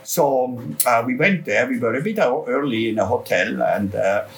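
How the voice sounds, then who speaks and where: An older man, a photographer, telling rambling, lively stories in an interview, full of restarts. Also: mid-range voice, moderate pace, creaky, distant mic. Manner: rambling, lively storyteller with frequent restarts and laughs. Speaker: guest photographer. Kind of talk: anecdotal storytelling interview.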